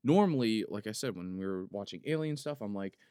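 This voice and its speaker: A man with a lowish, smooth voice rambles through a casual podcast monologue, leaning on "like" and trailing asides. He sounds close to the mic in a dry room with no echo. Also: expressive, fairly quick, mellow. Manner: rambling, full of "like" fillers. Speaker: podcast host.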